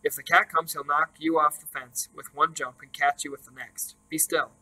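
A man voicing a sensible, calm mother mouse in a storybook reading, speaking in a firm, authoritative way. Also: fairly high pitch, moderate pace, rough recording.

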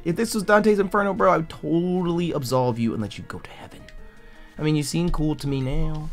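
A young man giving casual, profane let's play commentary, bursting into loud yells. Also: fairly high pitch, fairly quick. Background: faint game music.

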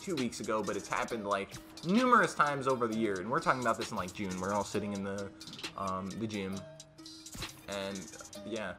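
A teenage boy telling a storytime vlog in a casual, rambling way, with many fillers and restarts, getting loud when quoting his friends. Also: lowish voice, moderate pace, over music. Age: teens. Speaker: YouTuber.

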